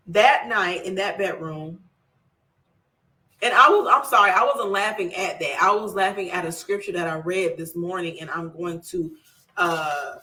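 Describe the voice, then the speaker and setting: A woman with a bright, forceful voice leads a relaxed book club review. She talks in a chatty, wandering way and stops and restarts as she reads passages aloud. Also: on the low side, unhurried, poor audio. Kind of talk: casual book review with scripture reading.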